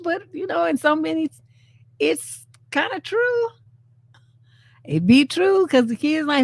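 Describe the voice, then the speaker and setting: A woman from San Francisco hosting a live stream, giving casual, animated commentary on memes and often acting out the lines she quotes. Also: high voice, slow pace, no echo. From San Francisco, USA.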